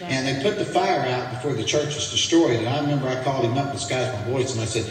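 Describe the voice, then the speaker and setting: A man's voice: mid-range voice, fast talker, slight background noise. A man telling a personal story in a folksy, chuckling way. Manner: folksy, chuckling between lines. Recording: echoey hall from far off, audience.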